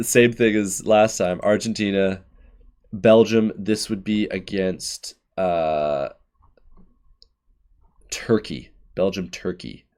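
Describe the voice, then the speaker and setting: A man hosting his channel, casually thinking aloud through his bracket predictions with quick asides. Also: low voice, a little mellow. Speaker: channel host.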